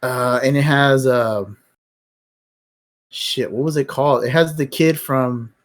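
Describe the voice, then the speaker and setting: Slow and fairly even in intonation, this man's mid-range voice carries a casual live-stream chat about movies. He's the host, and he rambles, speaks bluntly, and curses plenty.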